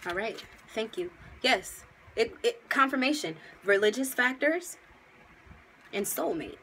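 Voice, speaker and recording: A woman's voice: on the high side, animated, measured pace, pushed and bright, slight background noise, rough recording. A woman giving a casual tarot reading to her viewers, slangy and emphatic as she talks to them directly, and at times moved close to tears. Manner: gets emotional, near tears. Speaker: tarot reader.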